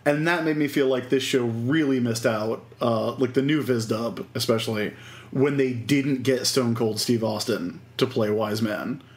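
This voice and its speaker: A man co-hosting a casual podcast, recapping scenes with wry, deadpan jokes. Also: mid-range voice, unhurried. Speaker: podcast co-host. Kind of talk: casual chat recapping an anime episode.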